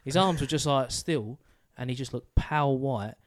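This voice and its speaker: A man's voice: mid-range voice, normal speed. A man, co-hosting a podcast in crude, joking casual chat. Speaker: podcast co-host.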